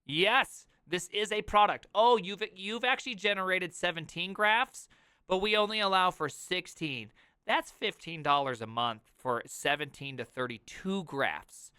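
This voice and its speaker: A man streaming live, reacting to a video with sarcastic rants and mock sales pitches. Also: unhurried, sharp tone, smooth, no echo, studio quality.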